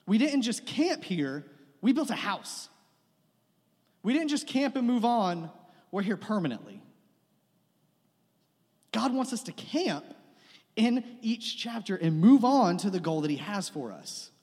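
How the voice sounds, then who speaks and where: A young man's high, very animated voice with a darkish tone comes through unhurried as he preaches. He's a pastor giving a conversational sermon with self-deprecating jokes and repeated lines, and the church sanctuary lends a long reverb.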